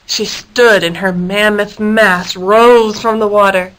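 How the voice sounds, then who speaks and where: A woman reading a children's animal story aloud in a lively, expressive way. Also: mid-range voice, takes it slowly, low-quality recording.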